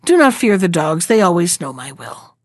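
An ancient, proud old goddess speaks from a storybook tale, as a woman reading aloud puts her on. Her voice sits a touch lower and firmer, with a stern edge. The sound is dry and close. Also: sing-song, normal speed, no room sound. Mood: gentle. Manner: stern, then gentle.

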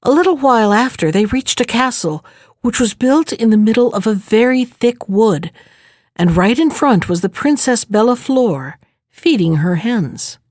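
Brief: female storyteller reading a fairy tale, higher voice, dry close sound. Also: expressive, moderate pace, a little mellow, no echo.

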